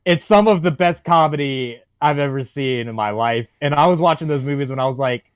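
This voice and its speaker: A man's voice: mid-range voice, fairly quick, clear, resonant tone, no echo. A man who is a comedian, talking eagerly in casual podcast chat.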